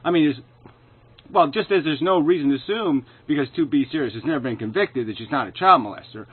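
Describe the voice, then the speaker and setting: A man giving an angry, sarcastic commentary, full of swearing and loud outbursts. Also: on the high side, lively intonation, fast, breathy edge. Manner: profane, sarcastic, shouting in bursts. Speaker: video commentator. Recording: tinny phone-like sound.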